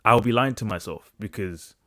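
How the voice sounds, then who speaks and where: UK man hosting a podcast panel, low voice, dry close headset sound, animated with restarts. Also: normal speed, no echo. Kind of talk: casual panel discussion. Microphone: headset over video call.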